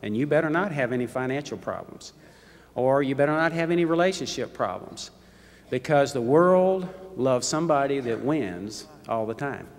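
A middle-aged man from the United States giving a football coach's testimony to a live audience, folksy, self-mocking and animated. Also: medium pitch, normal speed. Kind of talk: storytelling speech to a live audience. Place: large hall. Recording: long hall reverb.

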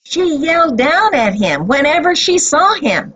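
A woman telling a Bible story to children as a teacher, with expressive storytelling. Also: high voice, measured pace, poor audio.

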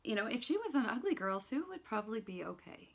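A woman's voice: on the high side, sing-song, quick pace, creaky. A middle-aged woman teaching literature, explaining a novel in a conversational way, full of "you know" and restarts. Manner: conversational, fillers and self-corrections. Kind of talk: lecture with read-aloud passages.

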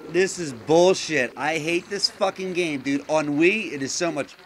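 A man's voice: fairly high pitch, measured pace, slight background noise. Drunk man cursing at a game. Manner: cursing, angry, yelling at the game. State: intoxicated, slurring. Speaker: streamer playing a quiz game. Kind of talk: drunken gaming rant. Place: room with a TV on.

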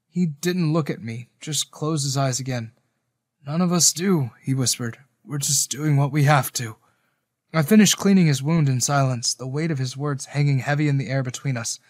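A man narrating a first-person romance story in a calm, reflective way. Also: fairly high pitch, no echo, studio quality.

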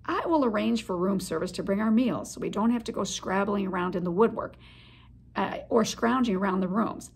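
A woman reading aloud, voicing a self-assured young male mouse who speaks calmly and a little grandly. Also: mid-range voice, brisk, creaky, a little hiss or hum, close to an everyday voice.

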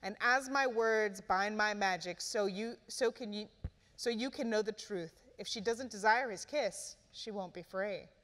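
A woman reading the lines of a cruel, amused fairy queen in a cool, measured, soft voice. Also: mid-range voice, big-room sound, lightly acted.

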